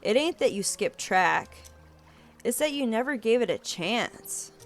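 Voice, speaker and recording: A woman puts on a gruff teenage boy who speaks in a thick, clipped, slangy drawl. He is blunt and cryptic. Faint music plays under the game read. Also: a little high, expressive, a little slow. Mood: scolding.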